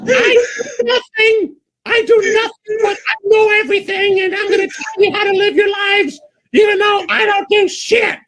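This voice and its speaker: Brief: man voicing a shrill, whiny, self-important woman, shrieking falsetto, high and shouty. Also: steady tone, normal speed, low-quality recording. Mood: whiny rant.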